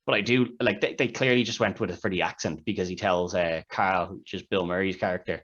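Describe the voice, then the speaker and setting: A man's voice: low voice, fairly even intonation, fast, few pauses, a bit bright. A man co-hosting a podcast, chatting casually about a film and retelling its scenes in a rambling way. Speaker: podcast co-host. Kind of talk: casual film review chat. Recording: dull lo-fi sound.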